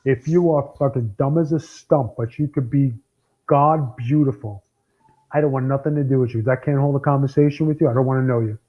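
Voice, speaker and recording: A man's voice: mid-range voice, steady tone, brisk. Blunt opinionated man, lo-fi podcast. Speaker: podcast co-host. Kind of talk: casual banter. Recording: dull lo-fi sound.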